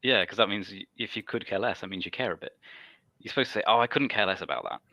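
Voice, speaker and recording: Low, bright-voiced British man. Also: fast, dry recording, lo-fi sound. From United Kingdom. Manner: chatty, laughs often. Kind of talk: casual livestream chat.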